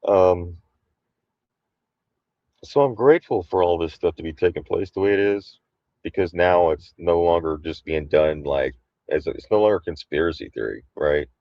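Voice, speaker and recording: Very deep-voiced man, dull dry recording. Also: moderate pace, dry recording. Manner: loose, offhand, swears casually. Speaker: show host. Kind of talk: casual talk show commentary.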